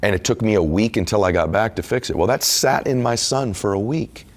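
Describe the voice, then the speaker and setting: A middle-aged man with a very deep, low voice speaks candidly in an interview. He tells a personal story in an earnest, confessional way, leaning into the emotional moments. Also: expressive, fairly quick. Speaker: podcast host and author being interviewed.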